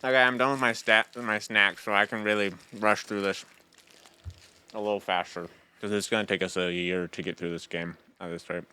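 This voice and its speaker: A young man co-hosting a podcast, chatting casually as he plays a video game, quick and full of asides. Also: lowish voice, steady tone, bright, forceful tone, clean tone. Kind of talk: casual let's-play commentary.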